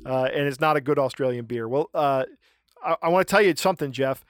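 A man hosting a podcast, talking in a rambling, animated way and stopping to search for words. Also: medium pitch, a little fast, no echo, clean studio sound. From United States. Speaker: podcast host. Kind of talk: casual podcast chat.

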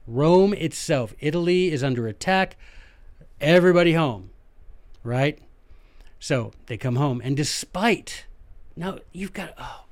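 A man with a Southern American drawl tells history on his podcast as if chatting with friends, animated and folksy, speaking straight to his listeners. His voice sits a bit high for a man.

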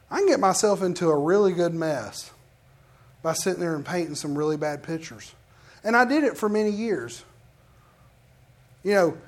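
A man preaching a sermon, acting out quoted prayers and Bible figures with animated swings in voice. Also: high voice.

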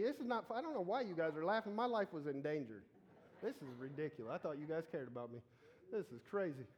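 A man preaching a casual sermon, animated and joking as he talks straight to the congregation. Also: fairly high pitch, fast.

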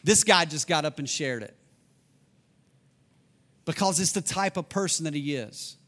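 A man preaching a sermon as pastor, earnest and conversational, repeating key lines for emphasis and moving between loud declarations and hushed passages. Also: on the high side, a little slow.

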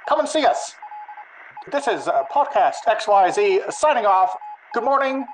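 A man's voice: high-pitched, very animated, normal speed, slight background noise, poor audio. A male podcast co-host voicing an old-timey, mock-formal announcer with a put-on transatlantic accent. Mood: mock-grand.

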